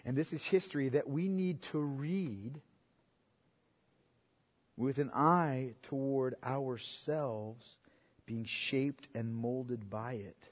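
A man preaching a sermon as pastor, rising to loud emphatic peaks and dropping to quiet asides, repeating phrases for emphasis. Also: slow pace. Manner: swings from quiet, low asides to loud, high emphatic climaxes.

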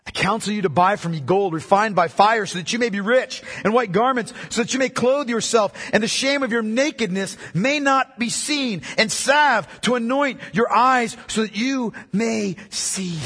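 A man's voice: high-pitched, normal speed, few pauses, a bit bright, breathy edge. A man preaching a sermon, speaking with emphasis, repeating key lines and putting questions to his listeners. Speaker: pastor. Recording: long hall reverb.

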